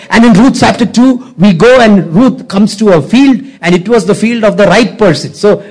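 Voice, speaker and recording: A man with a high, darkish voice preaches at a moderate pace with few pauses. In his sermon he urges the congregation on, restates his points repeatedly, and asks them to respond.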